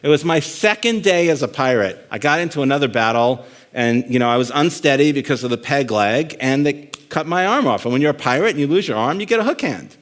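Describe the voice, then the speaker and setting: A man's voice: mid-range voice, expressive, brisk, hardly any pauses, pitched above the performer's own voice, lightly acted. A man telling of a boastful old pirate, no accent. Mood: deadpan boasting. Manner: storytelling, matter-of-fact, no pirate accent. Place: conference stage.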